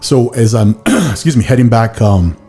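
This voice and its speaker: A man's voice: mid-range voice, expressive, normal speed, mellow, soft background music. A man hosting a podcast in casual chat, telling rambling stories full of "like" and slipping into silly put-on voices. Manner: rambling storyteller, heavy use of "like", slips into silly voices. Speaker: podcast host.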